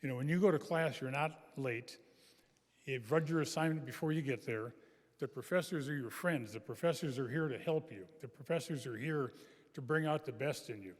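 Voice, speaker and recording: An older man gives a speech full of folksy anecdotes, his pitch sitting in an ordinary middle range. The recording carries a long reverb from a large chapel hall. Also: moderate pace. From American Midwest. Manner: folksy storytelling. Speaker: guest speaker.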